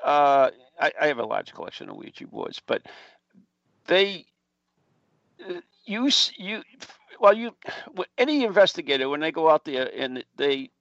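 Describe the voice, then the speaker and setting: A man with a gravelly, lively voice co-hosts a casual podcast, stammering through restarts. The sound is muffled and lo-fi, with a dry, close feel. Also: a little high, moderate pace, no echo. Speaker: podcast co-host.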